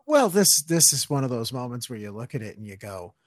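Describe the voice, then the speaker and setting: A man's voice: mid-range voice, big pitch swings, fairly quick, dry recording, studio quality. A man co-hosting a casual podcast, ranting about wrestling with profanity and mocking impressions. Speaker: podcast co-host.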